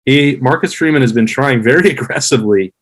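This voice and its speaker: A man in his thirties, a guest on a sports podcast, giving measured, analytical views in casual chat. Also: mid-range voice, poor audio. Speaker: podcast guest, former player.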